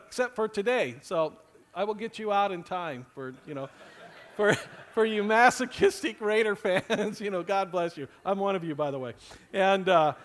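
Man, pastor, sermon, high-pitched voice, earnest, chatty asides. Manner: earnest, conversational preaching with asides.

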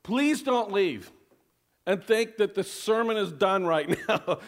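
A man with a notably high voice preaches from the pulpit, leaning into sarcasm as he lays out mock advice. His delivery is emphatic and animated, broken up by his own laughter. He sounds middle-aged and plainly at home addressing his congregation. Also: slow. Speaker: pastor. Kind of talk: sermon.

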